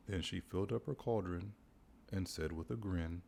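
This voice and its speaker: A man reading a rhyming bedtime storybook aloud in a gentle, rhythmic way. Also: low voice, moderate pace, creaky, slight background noise.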